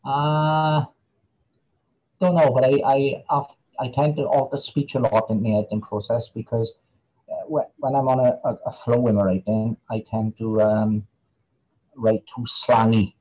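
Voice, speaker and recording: A man's voice: mid-range voice, level tone, a little slow, dark tone, dull audio. A man with a Welsh Valleys accent, an author answering interview questions in a hesitant way, with lots of fillers and repeated words. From Wales. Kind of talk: casual interview chat.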